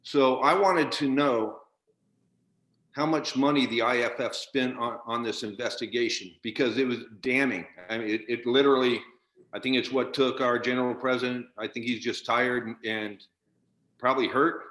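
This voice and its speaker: A man's voice: medium pitch, steady tone, normal speed, fairly bright tone. A man in a union virtual town hall, furiously questioning leadership over a video call, swearing and repeating himself. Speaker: union member asking a question.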